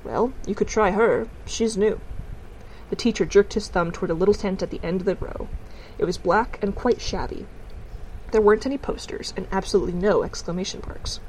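A woman's voice: mid-range voice, fast, a little mellow, slight background noise, poor audio. Woman reading a storybook. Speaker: audiobook reader. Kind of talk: storybook narration.

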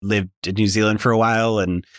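Casual male podcast host, lowish voice, dry close sound, rambling filler-heavy delivery. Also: brisk, no echo. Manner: loose, filler-heavy, animated. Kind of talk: casual chat.

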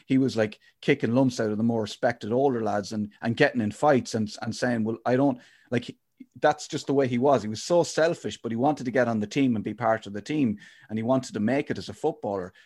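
A man's voice: medium pitch, a little fast, darkish tone. Podcast host guy, rambles, restarts a lot, medium voice. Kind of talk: casual chat.

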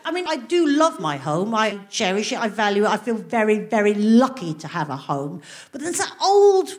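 A middle-aged woman, telling stand-up comedy on stage in a wry, animated storytelling manner with mock outrage. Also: medium pitch, moderate pace. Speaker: comedian and co-host. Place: theatre stage before a live audience.

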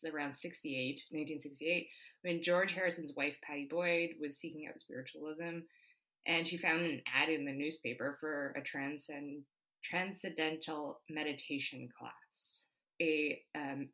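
A woman's voice: sits low, normal speed, fairly bright tone, low-quality recording. A woman co-hosting a podcast, chatting casually about history with many fillers and frequent laughs. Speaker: podcast co-host. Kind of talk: casual chat.

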